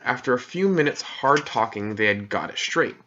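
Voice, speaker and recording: A man reading a children's novel aloud as an audiobook narrator, calm and soft-spoken. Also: medium pitch, normal speed, slight background noise. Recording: dull lo-fi recording.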